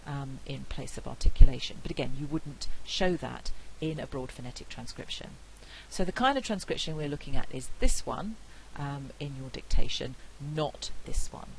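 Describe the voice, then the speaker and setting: A middle-aged woman with a British accent giving a university lecture, explaining clearly and saying example words aloud. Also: extremely low pitch, slight background noise, low-quality recording. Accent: British English. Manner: clear, measured explanation with spoken pronunciation examples. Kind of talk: recorded phonetics lecture.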